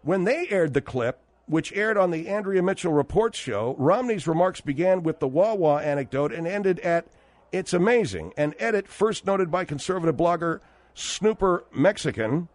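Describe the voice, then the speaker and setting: A man hosting a talk radio show, chatting casually with a caller and pausing on fillers. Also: high voice, expressive. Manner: conversational, hesitant with fillers. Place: radio studio. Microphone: studio microphone.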